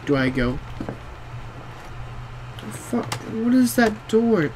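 A man's voice: high-pitched, sing-song, slow, darkish tone, a little hiss or hum. Jumpy swearing young man gaming. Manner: jumpy, swears a lot, talks to himself. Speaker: gamer. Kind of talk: horror game commentary.

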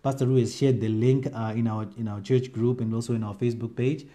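A man preaching an online sermon during lockdown, excited and reading scripture with lively emphasis. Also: medium pitch, quick pace. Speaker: pastor.

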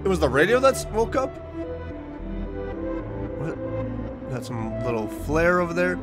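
Excitable man thinking aloud over a game. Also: a little slow, loud music behind the voice. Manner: thinks aloud, bursts into high-pitched confused panic. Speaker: game streamer. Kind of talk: let's play commentary.

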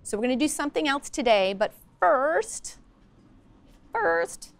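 Brief: woman teacher, high bright voice, upbeat, quizzes her class in a classroom. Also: big pitch swings, unhurried. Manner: upbeat, coaxing, asks the class many questions. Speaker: social-emotional learning teacher. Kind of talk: classroom lesson. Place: school classroom.

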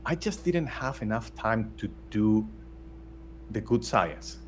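A man's voice: fairly low pitch, lively intonation, takes it slowly, a little hiss or hum. A middle-aged man from Spain, talking bluntly as an interview guest with many restarts. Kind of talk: casual interview talk.

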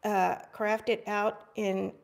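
A woman's voice: medium pitch, little pitch movement, very slow, creaky. A middle-aged woman hosting a live craft stream, bubbly and chatty, calling her viewers friends. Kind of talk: casual live craft demo chat.

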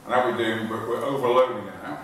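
A fitness trainer talks informally and quickly to a live audience in a large echoey hall, repeating himself, restarting sentences and getting out of breath as he exercises. His mid-range voice is fairly bright and steady in tone. It's recorded from far off with a little hiss or hum.

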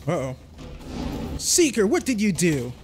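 A man's voice: sits high, wildly swooping pitch, measured pace, over loud music. A young man casually commenting on his gameplay as a streamer, joking and talking to the game. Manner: chatty, jokey, talks to the game.

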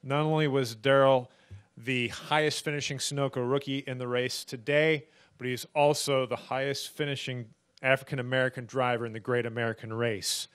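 A man's voice: mid-range voice, level tone, normal speed, a bit bright, clear, resonant tone. A male television reporter formally introducing a driver and asking about the race. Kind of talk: broadcast interview.

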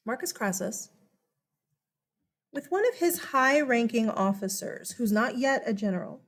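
A woman's voice: a little high, unhurried. A woman, giving a chatty classroom history lecture and often checking in with "okay?". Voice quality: slight lisp. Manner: chatty, animated, keeps checking in with 'okay?'. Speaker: history teacher.

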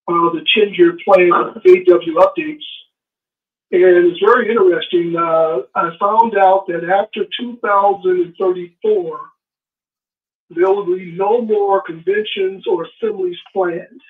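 A man's voice: high voice, big pitch swings, a little slow, vocal fry. A man calling in to a show, eagerly passing on news point by point. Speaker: caller. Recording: tinny phone line.

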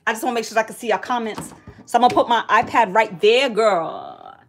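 A woman's voice: a little high, a little fast, a little hiss or hum. A woman, chatting blunt and sassy on a livestream wig tutorial. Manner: loud sing-song greetings to viewers, sassy and blunt. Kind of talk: casual livestream chat.

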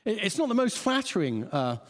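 A man's voice: high-pitched, big pitch swings, a little fast. A man preaching a sermon, chuckling often and restarting phrases as he thinks aloud. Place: church hall. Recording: long church reverb.

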